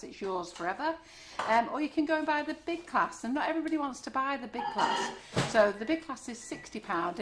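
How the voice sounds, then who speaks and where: A woman's voice: a little high, a little hiss or hum. A middle-aged woman, chatting as she demonstrates cake decorating in a live kitchen class. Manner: chatty, friendly, talks while working. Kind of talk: live online class demo. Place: home kitchen.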